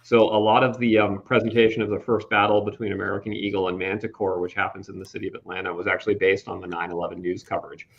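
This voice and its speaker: A man describing his game in a relaxed, conversational way. His voice sits somewhat low, and the stream audio is dull and lo-fi. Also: fast talker, creaky, hardly any pauses, husky. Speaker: game designer. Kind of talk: casual chat.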